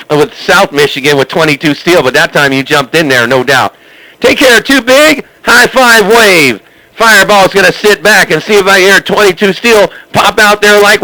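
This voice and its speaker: A man's voice: sits high, pushed and bright, dry recording. A man trash-talking over a CB radio, taunting and repeating himself, with a crackly radio sound. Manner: taunting, repetitive, laughing. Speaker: CB radio operator.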